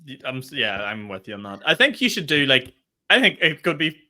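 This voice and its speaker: Fast, bright-voiced man. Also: medium pitch. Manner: animated storytelling, swears freely. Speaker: comedian and podcast co-host. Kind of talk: casual podcast chat.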